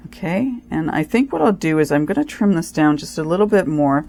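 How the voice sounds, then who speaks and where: A woman's voice: low voice, lively intonation, a little fast, a little mellow. A woman hosting a casual craft tutorial, thinking aloud, restarting sentences and giving careful step-by-step instructions. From Canada. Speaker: craft channel host.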